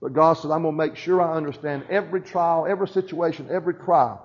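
A man's voice: on the high side, quick pace, muffled recording. A man preaching a sermon, building emphasis and calling for responses from the congregation.

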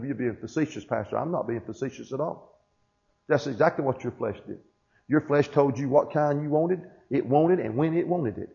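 Pastor preaching, asking "Amen?". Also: male voice, medium pitch, vocal fry, warm tone. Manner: preaching with frequent "Amen?" check-ins; reads aloud from a book to the congregation. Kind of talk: sermon. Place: church. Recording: dull lo-fi sermon recording.

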